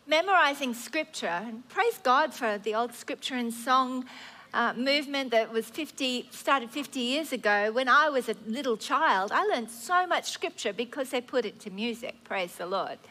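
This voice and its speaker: A woman in her fifties preaching a sermon, earnest and animated, acting out prayers and worries aloud. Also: high voice, moderate pace.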